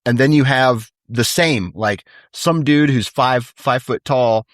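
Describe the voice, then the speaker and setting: A man in casual conversation, telling anecdotes in a laid-back, animated way and saying "dude" often. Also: mid-range voice, slow pace, dry recording, clean studio sound. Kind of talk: casual chat.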